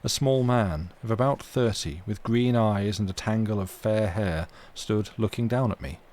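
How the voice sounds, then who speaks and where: A man reading a classic novel aloud on a livestream, steady and unhurried, correcting small slips as he goes. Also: lowish voice. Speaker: reader.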